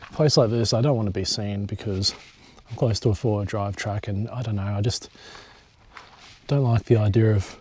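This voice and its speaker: A man's voice: lowish voice, warm tone, husky. Joking man vlogging from the bush. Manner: chatty, joking, swears casually. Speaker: hiking vlogger. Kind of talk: casual solo vlog to camera. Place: outdoors in bush at a campsite.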